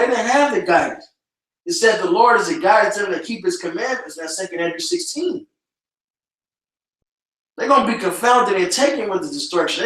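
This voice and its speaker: A man's voice: high-pitched, fairly bright tone. A man preaching scripture, tagging his lines with "man" in a casual style. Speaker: street preacher. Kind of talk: street preaching. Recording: echoey and distant from the mic.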